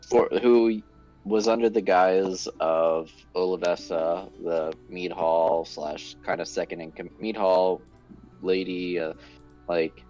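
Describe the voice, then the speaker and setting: A man narrating as game master for a tabletop game, halting and full of fillers and restarts. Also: sits low, a little mellow, highs cut off.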